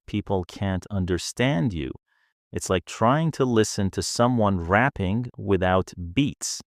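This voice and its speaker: Man, English teacher, scripted lesson, calm explanatory tone, unhurried delivery, dry close sound. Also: low voice, no echo. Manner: calm, explanatory, advice-giving.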